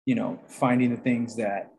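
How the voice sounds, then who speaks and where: A man's voice: medium pitch, steady tone, moderate pace, darkish tone, a little hiss or hum. A man co-hosting a casual podcast, talking in a laid-back, rambling way and swearing freely. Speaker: podcast co-host.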